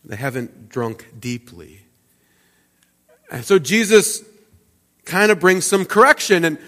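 A man preaching a sermon in a relaxed, conversational way, with restarts and explanatory asides. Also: a little high, big-room sound. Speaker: pastor. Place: church sanctuary.

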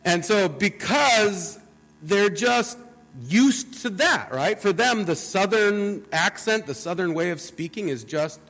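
A man's voice: high voice, expressive, measured pace, a bit bright. A man with a Midwestern US accent, a pastor giving a conversational sermon and reading scripture, often repeating words as he restarts. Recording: long hall reverb.

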